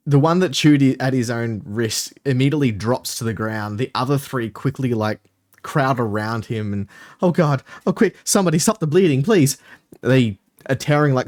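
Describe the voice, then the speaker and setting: Male game master, casual loose narration, everyday voice. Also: medium pitch. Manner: casual, filler-heavy narration.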